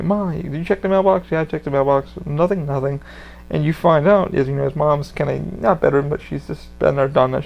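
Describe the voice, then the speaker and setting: Gravelly man rambling casually. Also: a little high. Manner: rambling, profane, full of fillers. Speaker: podcast host.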